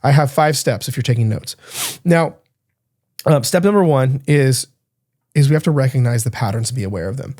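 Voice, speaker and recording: Male podcast coach in his thirties, mellow tone, energetic and talkative, loose casual delivery. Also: mid-range voice, moderate pace, pauses often. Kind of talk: solo podcast talk.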